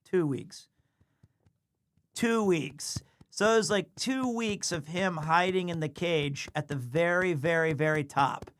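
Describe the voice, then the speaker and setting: A man's voice: on the high side, slow pace, a bit bright. Streamer type, man, easygoing chatty storyteller, keeps cooing at his pet mid-story. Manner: rambling anecdote, stops to coo at his cat. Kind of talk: casual livestream chat.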